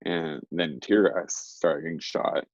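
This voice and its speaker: A young man with a low voice and a gravelly, creaky edge tells a story in a loose, rambling way, filling gaps with "like" and "um". The recording is dry and a little dull and lo-fi. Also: slow, no echo. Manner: rambling, heavy on fillers. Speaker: interview guest. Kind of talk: casual storytelling.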